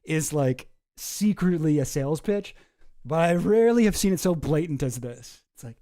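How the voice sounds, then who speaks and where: A man's voice: on the high side, expressive, moderate pace, mellow, no echo, clean studio sound. A man giving casual, sarcastic, profane reaction commentary on a video.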